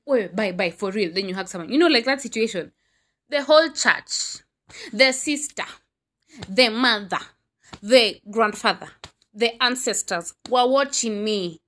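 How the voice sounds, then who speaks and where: A woman's voice: medium pitch, a bit bright. A young woman with a Kenyan accent telling a storytime tale, dramatic and full of exclamations as she switches between languages. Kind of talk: animated storytime.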